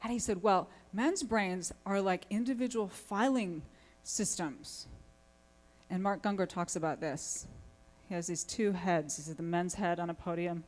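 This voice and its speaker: Animated woman speaker quizzing her audience. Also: lowish voice. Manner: animated, asks the audience many questions. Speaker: conference speaker, family therapist. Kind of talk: lively conference talk to an audience. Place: conference hall.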